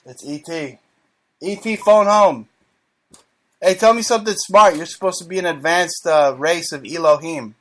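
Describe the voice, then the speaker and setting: A man's voice: on the high side, brisk, few pauses, fairly bright tone, poor audio. A man hosting a prank call show who talks in a crude, mocking and provocative way.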